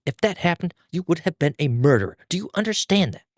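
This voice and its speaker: A man voicing a cowardly teenage swordsman who whines and yelps in panic, in a high nasal voice. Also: expressive, a little fast, no room sound, clean studio sound, natural voice. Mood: flustered. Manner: panicky, yelping. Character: cowardly teen boy swordsman, shrieking and whiny.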